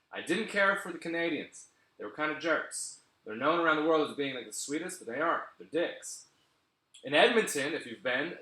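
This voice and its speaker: Sardonic comedian in an echoey room. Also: male voice, medium pitch. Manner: sardonic, deadpan asides, laughs at his own jokes. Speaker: stand-up comedian. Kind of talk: stand-up set on a live stream.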